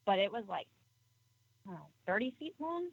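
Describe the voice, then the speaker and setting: A woman's voice: medium pitch, very animated, moderate pace, gravelly, husky, dry recording, phone-quality sound. A woman phoning in to a radio show, telling a story hesitantly with many ums. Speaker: caller. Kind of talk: phone-in storytelling.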